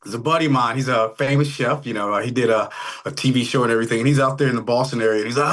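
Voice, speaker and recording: A man's voice: mid-range voice, racing, a bit bright. Easygoing middle-aged man on a video call. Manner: easygoing, rambling storyteller with many fillers. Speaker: rock band lead vocalist. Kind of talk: casual interview chat.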